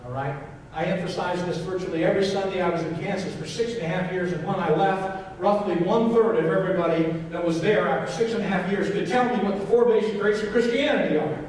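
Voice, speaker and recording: A man's voice: high-pitched, quick pace, a little mellow, a little hiss or hum. A man, a pastor, preaching a sermon with emphatic repetition and questions to the congregation. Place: church sanctuary. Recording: echoey church hall, mic from a distance.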